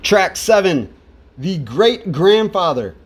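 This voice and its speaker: A man's voice: high voice, big pitch swings, takes it slowly, slightly rough. A man casually talking through an album track by track, repeating words for emphasis. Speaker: music reviewer. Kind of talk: casual spoken album review.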